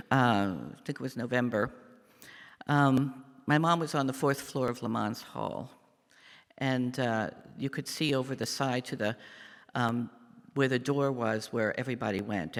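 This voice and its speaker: An older man giving a church meditation, telling a family story in a halting, reflective way with many pauses and fillers. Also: medium pitch. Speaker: lay speaker giving a meditation. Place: church sanctuary. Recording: long church reverb.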